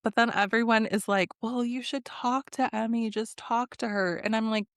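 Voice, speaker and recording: Woman podcast host, animated gossip chat, does the voices, cusses, dry close mic. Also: a little high, moderate pace, smooth, no echo. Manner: animated, acts out quotes with swearing and laughter. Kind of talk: casual reality TV recap chat.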